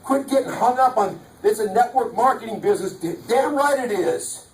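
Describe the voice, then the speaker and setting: An animated man with a very high voice speaks at a normal speed, with slight background noise, giving a punchy motivational sales talk peppered with jokes. The motivational speaker sounds like a preacher before a live audience, recorded from a distance in an echoey hall.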